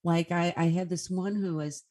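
A woman's voice: lowish voice, steady tone, normal speed, a little mellow. A woman speaking as a guest medium in a casual interview, telling stories in an earnest way.

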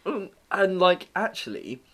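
A man's voice: high voice, measured pace. Swearing young man telling a story. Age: young adult. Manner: animated storytelling, swearing, acting out customers in changed voices. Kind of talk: casual chat.

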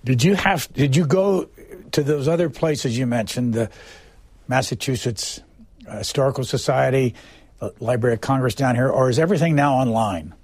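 A male interviewer puts plain, conversational questions to his guest. His voice is somewhat husky, recorded close and dry. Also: mid-range voice, moderate pace, a little mellow, dry recording. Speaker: interviewer, host.

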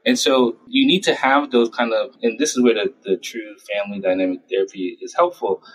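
A young adult man, a child psychiatrist, giving conversational interview answers and acting out parents and himself in quick little voices. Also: lowish voice, steady tone, slight background noise, low-quality recording. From United States.

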